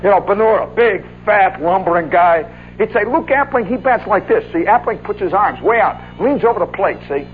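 A man telling a long story in an animated, folksy way, often adding "see" and "oh, yeah". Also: sits high, normal speed, narrow, tinny audio, soft background music. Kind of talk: spoken monologue recollection.

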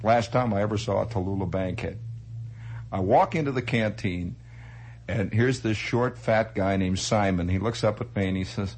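A man telling an anecdote in a chatty, animated way, laughing through his telling. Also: on the low side, normal speed, soft background music, poor audio. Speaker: storyteller. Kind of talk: spoken anecdote.

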